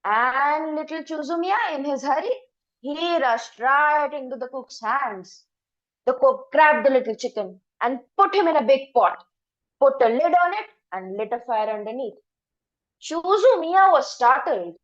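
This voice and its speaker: A woman telling a folktale as a teacher storyteller, expressive and full of dramatic pauses. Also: sits high, muffled recording.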